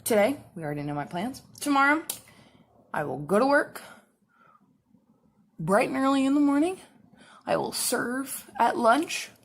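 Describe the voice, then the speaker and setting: A woman's voice: sits high, sing-song, a little slow, long pauses. A young woman chatting casually while she does her makeup, rambling along with lots of "like" fillers. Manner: rambling, full of "like" fillers and laughs. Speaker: makeup and cosplay vlogger.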